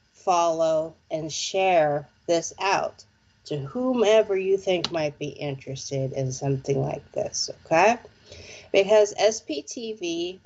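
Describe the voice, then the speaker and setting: A woman psychic reader talks to her live-stream viewers in a loose, chatty way, full of fillers and little check-ins. She speaks slowly, and the audio has a dull, muffled lo-fi quality. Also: lowish voice, a little mellow. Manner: chatty, lots of fillers like "okay?" and "like". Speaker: psychic reader and show presenter.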